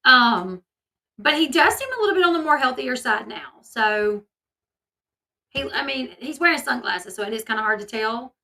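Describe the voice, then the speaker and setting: A woman's voice: sits high, expressive, normal speed, sharp tone, far from the mic, low-quality recording. A woman hosting a casual commentary video, chatty and opinionated with many fillers. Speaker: commentary channel host.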